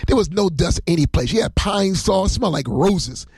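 Excitable pastor preaching on a livestream. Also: male voice, sits high, moderate pace, slightly rough, no room sound. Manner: rambling, emotional, excitable, laughs often.

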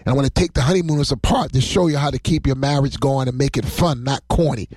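A man's voice: mid-range voice, fast, darkish tone, no room sound. A man preaching on a livestream as a pastor, rambling and emotional, often breaking into laughter.

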